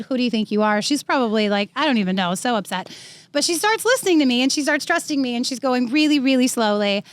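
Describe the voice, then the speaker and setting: A woman co-hosts a podcast and tells a casual story with animated energy, acting out the people in it. Her voice sits a touch high. The sound is dry and close, with no room echo. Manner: animated, acts out quoted people. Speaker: podcast co-host.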